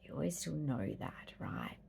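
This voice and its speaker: A woman's voice: a bass voice, sing-song, moderate pace, creaky, darkish tone, a little hiss or hum. A woman with an Australian accent talking in a rambling, philosophical, emphatic way in a personal vlog, weary after a hard night. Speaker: vlogger.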